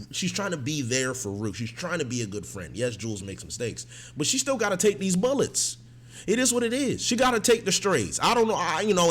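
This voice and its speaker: A man giving emphatic, casual reaction commentary on a TV episode. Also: fairly high pitch. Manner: animated and emphatic, often slipping into mocking impressions.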